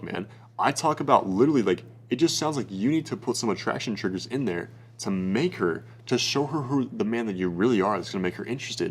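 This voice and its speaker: Young man, lowish voice, blunt swearing dating coach, casual bro talk. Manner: blunt, profane, bro-ish. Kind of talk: casual advice monologue.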